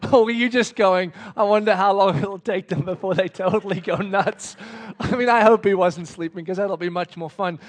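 Brief: male pastor, slightly higher voice, lively sermon storyteller who drops to near-whispers. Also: normal speed. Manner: animated storytelling, swinging from loud excitement to hushed whispers; casual, chatty phrasing.

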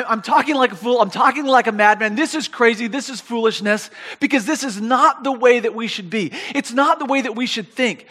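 A man preaching a sermon, animated and reading scripture aloud, often repeating his words. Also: very high voice, long reverb tail.

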